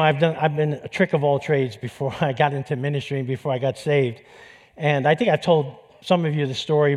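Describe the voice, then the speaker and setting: A man's voice: fairly high pitch, darkish tone. A man preaching a sermon, telling personal stories in a conversational way. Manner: conversational, storytelling with restarts. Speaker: pastor.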